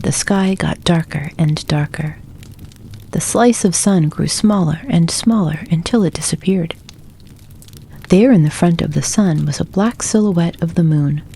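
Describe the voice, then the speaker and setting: A woman reading a children's storybook aloud for bedtime, soft and gentle. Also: sits low, slightly rough. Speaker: narrator.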